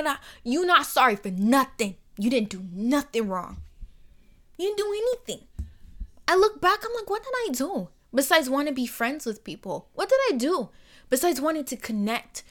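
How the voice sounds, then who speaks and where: A young woman holds forth alone on her podcast, blunt and fired up and unafraid to swear. Her voice sits a little high, and she swings from near-murmurs to loud outbursts. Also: sing-song, normal speed. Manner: blunt, heated and profane, swinging between soft and loud. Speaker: podcast host. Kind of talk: emotional solo podcast monologue.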